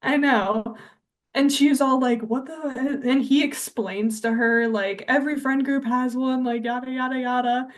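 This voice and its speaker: Here a young adult woman talks at a moderate pace in a high, even voice. As a podcast co-host, she chats through a film's plot, peppering it with "like" and performing the characters' quotes.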